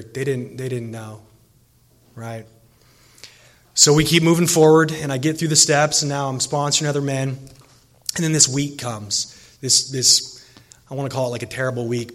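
A man's voice: mid-range voice, a bit bright. A man in recovery telling his personal story to a gathering, earnest and emotional, with many fillers and restarts. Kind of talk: personal testimony speech.

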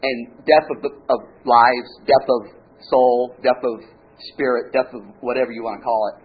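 A man telling his own story at a recovery meeting, in an animated way with halting restarts, then a joke. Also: medium pitch, breathy edge. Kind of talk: personal share and joke telling. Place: meeting room with an audience. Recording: dull lo-fi room recording, faint crowd.

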